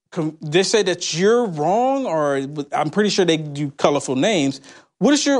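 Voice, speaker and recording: A man with a fairly high voice hosts a casual interview. His questions ramble and stall, circling back on themselves before he reaches the point. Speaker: host.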